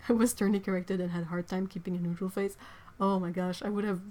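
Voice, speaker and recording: A woman's voice: lowish voice, level tone, moderate pace, mellow. A woman hosting an art livestream from home. She chats casually, reads viewer comments aloud, rambles and laughs often. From Quebec, Canada. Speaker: artist livestream host.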